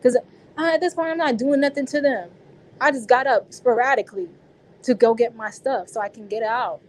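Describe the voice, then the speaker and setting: A woman's voice: on the high side, brisk, poor audio. Woman telling a story in casual slang. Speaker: interviewee. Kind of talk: personal account in an interview.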